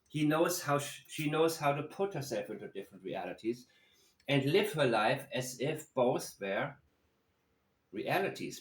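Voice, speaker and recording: Man commentator, slow and deliberate, analytical, room echo on the voice. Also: mid-range voice. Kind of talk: true-crime video commentary. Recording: roomy echo.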